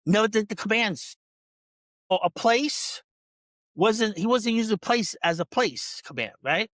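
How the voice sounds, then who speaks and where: A man's voice: sits high, animated, measured pace, fairly bright tone, no echo. A man who works as a dog trainer, a podcast guest telling a story in casual talk, full of restarts, who acts out other people's lines. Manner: frequent restarts and repeated words.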